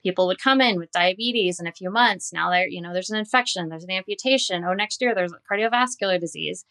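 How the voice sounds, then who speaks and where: A woman's voice: on the low side, fast, bright, forceful tone. A woman in her forties, a dietitian, telling her personal story candidly and earnestly in an interview. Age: 40s. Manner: candid and earnest, recounting with quoted dialogue. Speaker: dietitian and guest.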